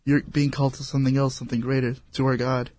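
A man's voice: medium pitch, flat delivery, fast, darkish tone, dry recording. Earnest encouraging male guest. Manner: earnest, encouraging, repeats words. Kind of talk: faith testimony talk.

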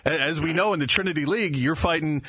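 A man's voice: fairly high pitch, pushed and bright, slightly rough, no echo. A man hosting a sports radio show, asking long chatty questions full of fillers. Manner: fast, chatty, filler-heavy. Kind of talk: radio interview.

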